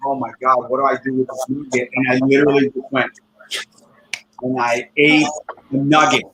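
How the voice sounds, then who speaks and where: Sitting at home at his computer, a comedian of medium pitch and fairly bright tone rambles through a profane stand-up set on a video call. The computer microphone makes for a rough recording, and he keeps laughing at his own jokes.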